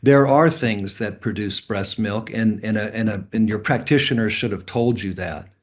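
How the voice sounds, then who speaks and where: A man's voice: fairly low pitch, normal speed. A man talking as a guest on a casual podcast, rambling and instructive, sometimes spelling out words. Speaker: health guest.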